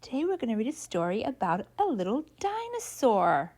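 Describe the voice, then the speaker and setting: A woman hosting a children's channel, reading a picture book aloud to toddlers in an animated, sing-song way and copying the animal sounds herself. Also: normal speed, hardly any pauses. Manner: mimics animal sounds in a high voice. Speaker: children's channel host and storyteller.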